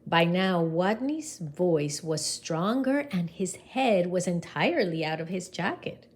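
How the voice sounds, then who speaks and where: A woman reading a picture book aloud to children in an expressive way, pausing to ask her listeners questions. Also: lowish voice, slightly rough. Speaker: storybook reader.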